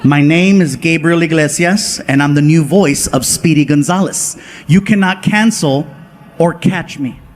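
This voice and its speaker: A stand-up comedian from Southern California tells stories on a comedy stage before a live audience, with the crowd audible in the background. His voice is fairly high-pitched. He's animated, acting out family and friends by switching quickly between voices.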